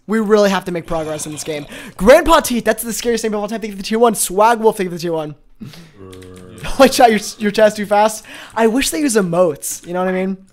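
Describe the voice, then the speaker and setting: A man streaming a game live, chatting with viewers, excitable and quick to laugh. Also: high voice. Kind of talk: live gaming stream chat.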